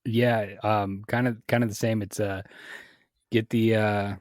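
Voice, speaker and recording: A man on a podcast telling a story slowly and hesitantly, with many ums. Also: on the low side, little pitch movement, dry recording, clean studio sound. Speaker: podcast guest. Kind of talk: casual podcast banter.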